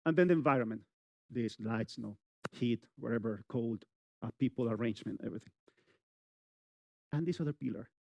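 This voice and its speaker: A middle-aged man giving a public speaking lecture at a university, talking straight to the audience in an animated way with many "you know" fillers. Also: mid-range voice, a little fast, gravelly, long pauses, no echo.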